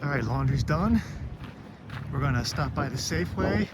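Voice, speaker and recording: A man narrating a casual travel vlog in a relaxed, rambling way while running errands. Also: medium pitch, normal speed. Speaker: thru-hiker vlogger. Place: outdoors in a town. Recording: outdoor street noise.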